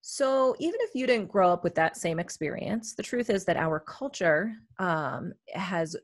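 A woman's voice: fairly low pitch, expressive, unhurried, no room sound, clean studio sound. A woman co-hosting a wellness podcast, talking in a chatty, reflective way with many fillers. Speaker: podcast co-host, therapist. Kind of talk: casual podcast chat.

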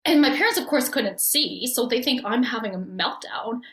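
A bubbly woman in her forties from Canada tells her story as a podcast guest, laughing often as she talks. Her voice sits a little high. The recording has a noticeable roomy echo. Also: lively intonation, normal speed, fairly bright tone. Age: 40s. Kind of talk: storytelling in conversation.

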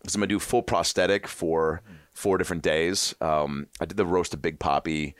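A man's voice: low voice, fairly even intonation, normal speed, no echo. A man in his thirties telling rambling, profane stories as a podcast guest, slipping into voices for others. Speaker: comedian guest. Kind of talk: casual podcast chat.

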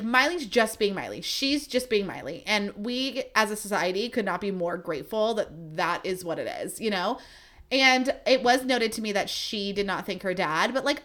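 Young woman, solo podcast host, emotional and close to tears; rambling, gushy, sweary chat with medium pitch. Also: a bit bright. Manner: gushing, sweary, rambling with many fillers.

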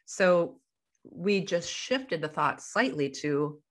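A woman's voice: fairly low pitch, expressive, slow pace. A woman guest on a podcast interview, a life coach talking over a video call and explaining through everyday examples.

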